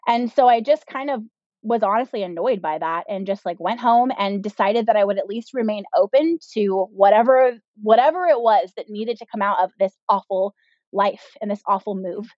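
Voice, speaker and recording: A woman's voice: mid-range voice, normal speed, a little mellow, dry recording. A woman in her thirties, a podcast guest, telling her personal story candidly, with lots of "like" and "um". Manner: candid, with frequent "like" and "um" fillers. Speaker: podcast guest, business owner. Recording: dull, slightly lo-fi sound.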